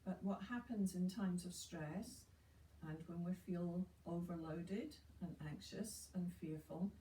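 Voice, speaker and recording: A woman guiding a chair yoga session, giving slow, soothing breathing instructions with gentle encouragement. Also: on the low side, a little hiss or hum. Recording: roomy, distant mic with faint ambience.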